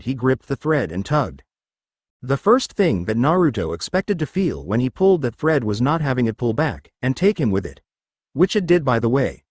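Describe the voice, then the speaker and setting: A man narrating a fan fiction story in an expressive storytelling manner. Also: medium pitch, no echo, clean studio sound.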